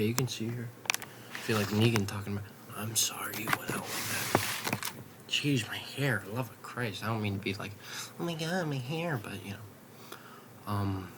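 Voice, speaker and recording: A young man vlogging in a late-night ramble at home, swearing casually and drifting into soft half-whispers. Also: lowish voice, noisy background.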